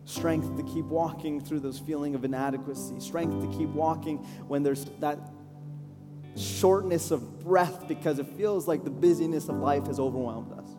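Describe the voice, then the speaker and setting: A man preaching a sermon live to a congregation, earnest and pleading, building to fervent declarations and slowing down to pray. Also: on the high side. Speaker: pastor. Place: church hall, live congregation. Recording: live church hall reverb with soft music. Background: soft instrumental worship music.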